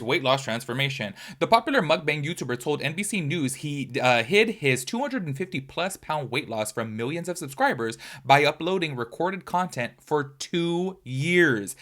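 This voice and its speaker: A man's voice: fairly high pitch, normal speed. A man giving casual reaction commentary at home, reading an article aloud and breaking in with chatty, exclaiming asides. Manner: chatty and expressive, often exclaiming, with frequent fillers. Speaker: commentary YouTuber.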